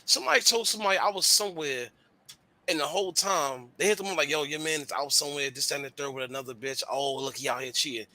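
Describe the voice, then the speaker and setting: A man's voice: fairly high pitch, fast talker, dry recording. A man co-hosting a radio talk show, talking candidly in slangy casual chat. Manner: candid, slangy, animated storytelling.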